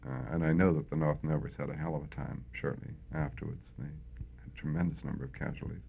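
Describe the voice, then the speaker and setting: Very deep gravelly older man. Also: steady tone, quick pace. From Canada. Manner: reflective, hesitant with many fillers. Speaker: veteran interviewee. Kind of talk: oral history interview. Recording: tinny phone-like lo-fi recording.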